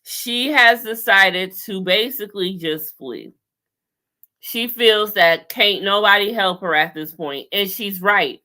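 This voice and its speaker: A woman hosting a casual chat over a video call, talking in an animated, sassy way with lots of slang and laughter. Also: medium pitch, takes it slowly. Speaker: podcast host recapping a TV show.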